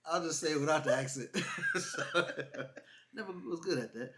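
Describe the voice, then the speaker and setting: A man tells a comic travel story to the camera with his partner beside him, slipping into quoted voices and laughter. His voice sits a little high and has a bright, forward edge. The delivery is loose, casual and animated. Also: moderate pace. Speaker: vlog co-host.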